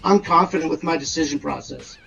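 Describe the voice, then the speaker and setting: A man's voice: fairly high pitch, fairly quick, vocal fry, a loud crowd. A man arguing his side in a podcast debate, defensive and swearing freely. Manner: profane, defensive, heated. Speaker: debate guest. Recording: distant, dull lo-fi mic.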